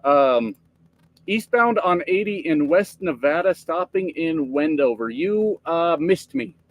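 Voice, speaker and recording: A man's voice: on the high side, animated, slow pace, dry recording. A man casually live streaming from his truck, greeting viewers by name and joking with plenty of profanity. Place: truck cab.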